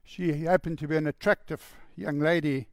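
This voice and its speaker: A man telling a story in a sermon with a gravelly voice, earnest, and dropping to a hushed voice for the quoted lines. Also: a little high, steady tone, normal speed, no room sound, studio quality. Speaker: preacher.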